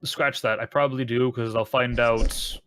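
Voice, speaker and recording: A man's voice: mid-range voice, steady tone, normal speed, a bit bright, dry recording. Playful man in tabletop roleplay. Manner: playful, teasing. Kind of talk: in-character roleplay chat.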